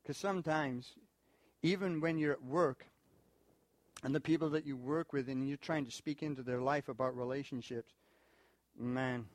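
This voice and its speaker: A male pastor preaching a sermon in an animated way, with asides and laughs. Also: normal speed, pauses often, dry recording. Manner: animated, acts out quoted people in high voices. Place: church in Korea.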